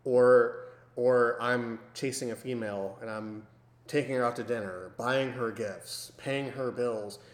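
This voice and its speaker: A man tells a story on a podcast in a casual, lively way, playing out both sides of a conversation. His voice sits at an ordinary pitch for a man. The room around him sounds echoey. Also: a little slow. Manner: animated, acts out dialogue. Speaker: podcast co-host.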